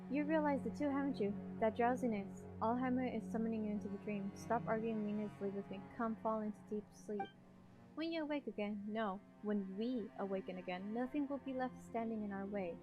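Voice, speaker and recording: A woman's voice: fairly high pitch, brisk, close to an everyday voice. A woman reading a coaxing dream voice. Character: calm menacing dream voice luring to sleep. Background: game soundtrack music.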